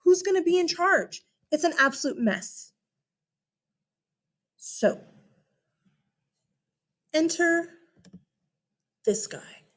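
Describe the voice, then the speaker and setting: An American woman giving a casual, animated history lesson, chatty and full of asides and check-ins. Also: very high-pitched, very slow, pauses often. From United States. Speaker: history teacher. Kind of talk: casual classroom-style lecture.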